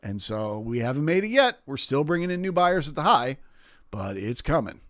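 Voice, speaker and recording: Man, livestream trading host, casual explainer, middle pitch, dry close sound. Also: sing-song, moderate pace, fairly bright tone, no room sound. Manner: casual, explanatory, greets viewers by name. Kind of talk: live market commentary and chat Q&A.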